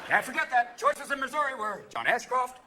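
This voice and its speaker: Manic high-voiced man doing stand-up. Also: sing-song. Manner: manic, rapid-fire, constantly jumping into voices and impressions. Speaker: stand-up comedian. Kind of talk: stand-up comedy performance. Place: theater stage before a live audience. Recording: live show recording with crowd laughter and noise.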